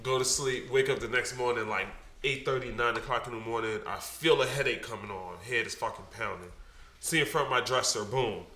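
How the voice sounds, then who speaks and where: A man with a bright, forceful voice spins a loose, profane story among friends. His delivery is animated and casual, full of swearing and little exclamations. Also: mid-range voice, a little fast, reverberant. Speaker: podcast co-host.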